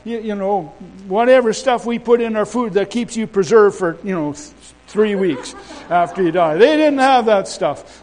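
A man with a high-pitched voice preaches a sermon. He rambles in a folksy way, trips over his words and restarts, then swells into loud, emphatic declarations. His delivery mixes homely asides with bold exhortation. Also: rough recording.

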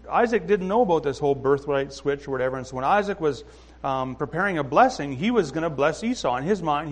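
A man giving an informal sermon, talking conversationally with fillers and restarts and often checking in with listeners. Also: on the high side. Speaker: preacher.

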